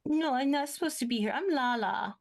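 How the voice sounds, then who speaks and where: A woman's voice: sits high, gravelly, voice pushed up. Lala, a tiny winged creature voiced by a woman. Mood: timid chatter. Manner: chirpy, halting, eager to please. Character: tiny shy golden winged trunked creature.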